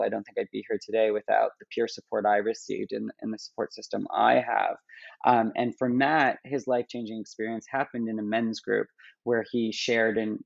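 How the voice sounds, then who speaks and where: A man who is a guest on a podcast, talking about the app he works on, with halting speech full of restarts and fillers. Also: lowish voice, creaky, no room sound, lo-fi sound. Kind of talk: casual interview talk.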